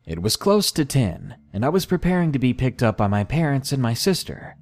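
A man narrating a scary first-person story for a podcast, measured and deliberate. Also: mid-range voice, sing-song, a little mellow. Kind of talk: scripted horror story narration.

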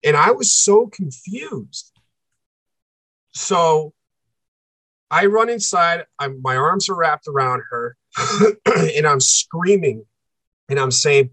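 A man with a slightly high voice tells a personal story as a podcast guest. He talks intensely, circles back to repeat phrases and acts out the voices of the people in the story. The recording is close and dry. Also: lively intonation, slow pace, long pauses, pushed and bright, no echo.

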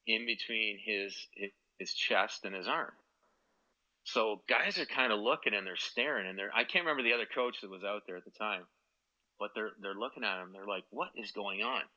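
A man with a low, bright, forceful voice tells rambling stories, switching into the voices of the people he quotes. The recording sounds a little dull and lo-fi. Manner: rambling anecdotes, quoting others. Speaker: guest, former hockey player. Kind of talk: storytelling in a podcast interview.

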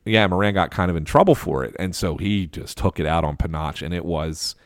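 A man with a lowish voice settles into a casual podcast story, restarting sentences and spinning the anecdote with energy. The sound is close and dry, with no room around it. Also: a little fast, dry recording. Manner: animated anecdotal storyteller, frequent restarts and laughs. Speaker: podcast co-host.

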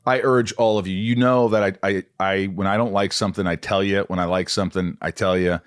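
A man hosting a podcast in a studio, chatting casually and excitably, quick to joke and exclaim. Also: low voice, no echo. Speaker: podcast host. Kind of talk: casual chat. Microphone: studio microphone.

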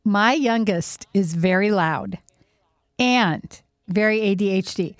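A middle-aged woman hosting a casual chat, animated and laughing often as she acts out little quotes. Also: medium pitch, takes it slowly, no echo, studio quality. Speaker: host.

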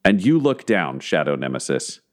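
A man narrating as game master, telling the story slowly and theatrically and building tension. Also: sits low, big pitch swings. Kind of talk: dramatic tabletop narration.

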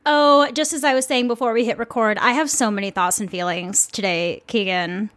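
A young woman co-hosts a chatty podcast, telling her stories with lively, animated energy. Her voice sits a little high, and she swears freely as she talks. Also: normal speed. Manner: animated storytelling, frequent swearing. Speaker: podcast co-host. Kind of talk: casual podcast chat.

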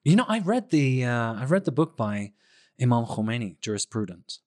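A man's voice: medium pitch, sing-song, normal speed, a little mellow, no echo, clean studio sound. A man from the UK, co-hosting a podcast in casual chat, joking and laughing often. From United Kingdom. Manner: jokey, laughs often, prompts questions. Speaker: podcast co-host.

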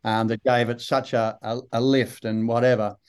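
An older Australian man with a broad accent, a guest actor telling unhurried, rambling stories in an interview. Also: mid-range voice, level tone, darkish tone, clean tone. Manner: unhurried, rambling storyteller with many fillers. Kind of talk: relaxed interview anecdotes.

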